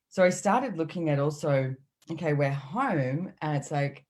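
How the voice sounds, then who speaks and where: A woman's voice: deep voice, a little mellow. A middle-aged woman speaking in a casual, chatty way as a podcast guest, acting out her inner voices as she talks. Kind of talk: casual chat.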